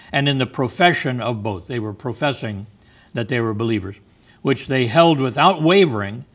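A Bible teacher leads a study, explaining the meaning of words step by step in an ordinary-pitched, fairly bright voice. He works through each thought with frequent ums and restarts.

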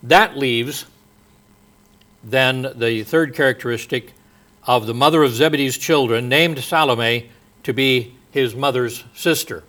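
A man preaching a sermon in a slow, halting way, with many pauses and fillers, his voice dropping soft at the ends of phrases. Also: medium pitch.

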